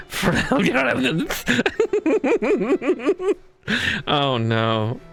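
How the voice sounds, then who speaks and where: A woman streaming a dating game, giggling often, lively, and swearing casually as she reacts. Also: rumbling low, drawn-out words, creaky, pauses often, faint music behind. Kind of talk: gaming stream commentary.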